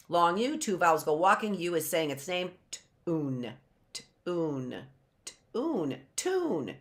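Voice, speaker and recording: A woman teaching a phonics lesson, sounding out words slowly and repeating them, with playful asides. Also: sits low, a bit bright. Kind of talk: phonics lesson for live online class.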